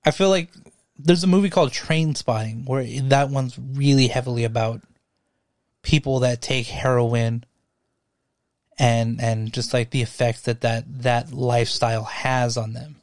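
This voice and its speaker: A man's voice: mid-range voice, fairly even intonation, a little slow, a little mellow, dry recording. A man co-hosting a laid-back film podcast, talking in a mid-range voice. He rambles and circles back with fillers as he works out his points. The sound is dry and close. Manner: rambling, lots of fillers and restarts. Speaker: podcast co-host. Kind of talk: casual movie chat.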